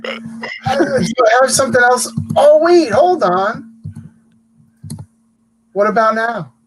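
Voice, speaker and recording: A man's voice: very high voice, lively intonation, slow, crowd noise, rough recording. A man co-hosting a podcast livestream over a video call, joking dryly and taking ribbing in stride. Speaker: podcast co-host. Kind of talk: casual banter on a livestream. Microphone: video call mic.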